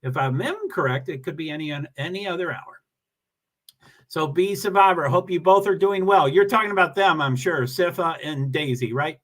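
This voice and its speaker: Man, livestream host, bright tone, a bit high, rambling chat, self-deprecating. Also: animated, normal speed. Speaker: livestream host reading viewer comments.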